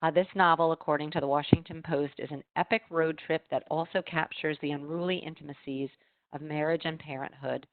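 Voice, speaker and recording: A woman with a low voice talks through book picks in a relaxed chat, filling pauses with ums and uhs. The sound is dry and tinny, like a video call. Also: no room sound. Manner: reads blurbs with frequent ums and uhs. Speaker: library marketing host. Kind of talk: casual book recommendation chat.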